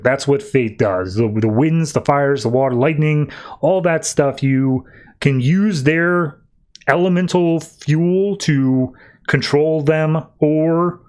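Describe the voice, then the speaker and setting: A man's voice: medium pitch, a little mellow, natural voice. A man voicing an ancient male god-spirit who gives advice in a blunt, offhand and indifferent way.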